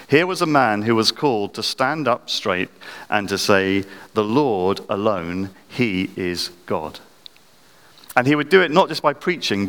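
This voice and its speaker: A man preaching a sermon, dramatic, his voice climbing high when he acts out quoted prayers. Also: fairly bright tone, clean tone. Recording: long hall reverb.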